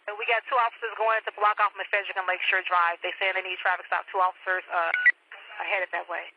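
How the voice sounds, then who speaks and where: A woman's voice: mid-range voice, little pitch movement, fast. A woman working as a police dispatcher, firmly repeating instructions to units over the radio. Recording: muffled police radio with static.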